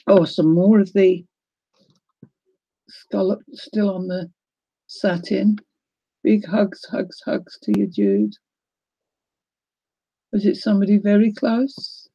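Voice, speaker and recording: A woman's voice: medium pitch, dark tone, slightly rough, no room sound, highs cut off. A woman hosting a casual live crafting unboxing, gushing and tearful as she talks to viewers. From New Zealand. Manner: gushing, emotional, exclaiming. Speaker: crafting livestream host.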